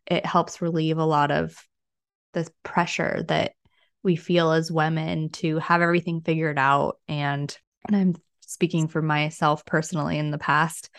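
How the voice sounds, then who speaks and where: Woman host, low gravelly voice, dry close sound, thoughtful casual chat. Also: no echo. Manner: thoughtful, musing, frequent fillers. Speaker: podcast host. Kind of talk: casual interview conversation.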